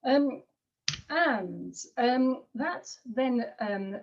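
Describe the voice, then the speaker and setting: A woman giving an online academic seminar, hesitant, with frequent fillers and quick apologies as she juggles her slides. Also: fairly high pitch, animated, highs cut off. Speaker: linguistics lecturer.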